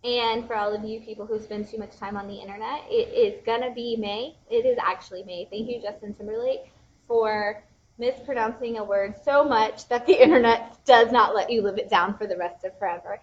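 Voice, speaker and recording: A woman's voice: a little high, fairly quick, dull audio, slight background noise. A young woman hosting a casual bookstore livestream, chatty and bubbly, rambling with lots of fillers. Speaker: bookstore young adult specialist, livestream host.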